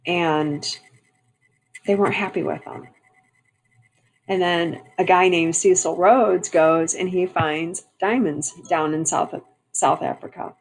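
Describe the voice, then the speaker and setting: A woman's voice: on the low side, takes it slowly, slight background noise, low-quality recording. A woman teaching a history lesson, switching between reading a passage aloud and explaining it in a chatty way with fillers and restarts. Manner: conversational, frequent fillers and restarts.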